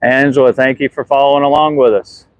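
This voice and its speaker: A man's voice: mid-range voice, steady tone, a little fast, clean tone, no echo, highs cut off. Southern guy live streaming from a ship deck on his phone, chatty, answering comments. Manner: casual, answers viewer comments. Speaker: ship superintendent.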